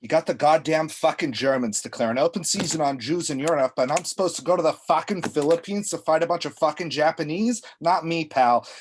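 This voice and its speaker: A man reading a brash young soldier's lines in a script reading, loud and profane. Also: fairly high pitch, fairly quick, few pauses, breathy edge. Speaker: reader of Donnie.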